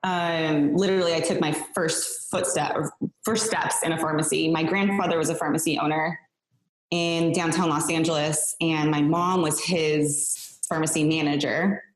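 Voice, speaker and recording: A woman's voice: deep voice, steady tone, moderate pace. A woman in a casual podcast chat as the new host, bubbly, laughing often and restarting her sentences. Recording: echoey room.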